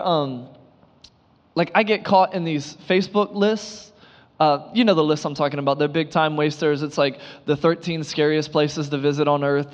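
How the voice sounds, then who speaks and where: A man preaching a sermon, telling playful everyday stories with mock surprise and animated delivery. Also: high voice, in a large hall, dull audio. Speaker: pastor.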